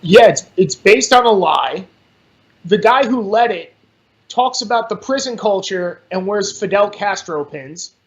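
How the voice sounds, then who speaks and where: This guest on a podcast talks a little slowly in a high-pitched voice, swearing freely and speaking bluntly in an animated, casual political conversation. Dull lo-fi sound throughout.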